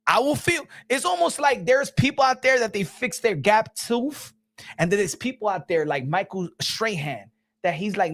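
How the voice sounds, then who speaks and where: A boxing commentary streamer gives casual livestream commentary in a high voice at a moderate pace. He's animated and rambling, often restarting, laughing and breaking into bursts of shouting.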